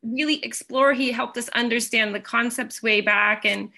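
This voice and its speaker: A woman shares her experience in a parenting group, rambling in halting phrases. Her voice is fairly high and bright, with a gravelly fry running under it. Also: fairly even intonation. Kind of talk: casual group conversation.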